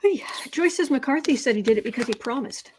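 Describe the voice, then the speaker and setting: A woman's voice: high voice, expressive, fairly quick, a little hiss or hum. A woman hosting a live political tarot reading, chatting with her viewers and reading their comments aloud, with many fillers, restarts and emphatic repetitions. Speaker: tarot livestream host.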